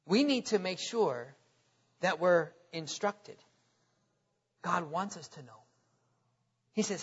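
A man's voice: high-pitched, lively intonation, slow, pauses often, husky. A man preaching a sermon in a church, emphatic and repetitive, firing off rhetorical questions to the congregation. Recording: echoey hall, dull lo-fi sound.

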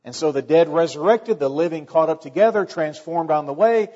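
A man's voice: fairly high pitch, brisk, dark tone. A man preaching a sermon as a pastor, in a conversational way with wry asides. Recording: long hall reverb, dull lo-fi sound.

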